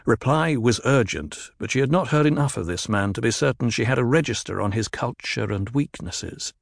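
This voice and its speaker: Male narrator reading a novel, gravelly, lively pitch, dry close mic. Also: normal speed, dry recording. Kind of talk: audiobook narration.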